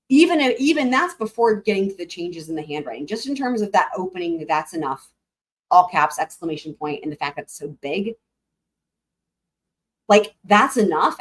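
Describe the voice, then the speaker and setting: Chatty woman streamer, rambling. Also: on the low side. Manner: rambling, frequent fillers, talks to chat. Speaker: livestream host. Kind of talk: casual live commentary.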